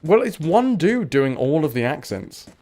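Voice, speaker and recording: A man's voice: on the high side, very animated, unhurried, darkish tone. A man chatting and joking while playing a game on stream, swearing freely. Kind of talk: casual game commentary.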